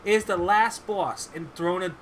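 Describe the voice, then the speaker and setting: A man's voice: sits high, measured pace, a loud crowd. A man hosting a casual gaming podcast, eagerly reading his list of facts off his notes. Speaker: podcast host.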